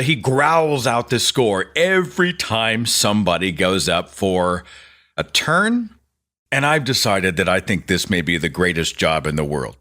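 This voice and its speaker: A male podcast host talking off the cuff in a loose monologue, his lowish voice swinging widely in pitch as he jumps between stories. He pokes fun at himself as he goes. Recorded close on a studio mic. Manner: rambling, animated, self-deprecating storyteller. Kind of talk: casual stream-of-consciousness monologue.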